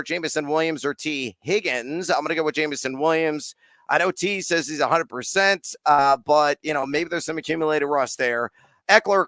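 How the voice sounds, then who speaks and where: Brisk, bright-toned male host fielding live stream questions; energetic, slangy, lots of "uh" fillers; dry close sound. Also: fairly high pitch, clear, resonant tone, no room sound. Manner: rapid, energetic, sports slang, frequent "uh" fillers. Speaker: fantasy football and betting host.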